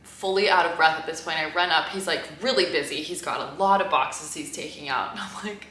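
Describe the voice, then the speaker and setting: A woman's voice: low-pitched, a little fast, fairly bright tone, a little hiss or hum. A woman vlogging in a chatty, casual way, telling stories with lots of fillers and laughing along. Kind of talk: casual vlog storytelling. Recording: roomy echo.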